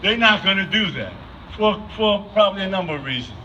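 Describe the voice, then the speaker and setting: Very animated and fairly quick, this man's high voice comes across pushed and bright from a distant mic. Speaking spontaneously at an outdoor vigil, he keeps firing questions at the crowd. The recording is dull lo-fi with a faint hiss.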